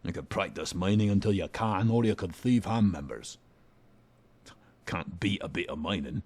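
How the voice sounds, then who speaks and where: A foul-mouthed dwarf blacksmith with a deep, gravelly put-on voice, mocking and crude, as a man voices him for a game. He barks orders and sneers at the listener. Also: lively intonation, normal speed, darkish tone, full character voice. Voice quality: deeper put-on voice, not Scottish. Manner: rude, swearing, mocking. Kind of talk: fan voicing of a game character.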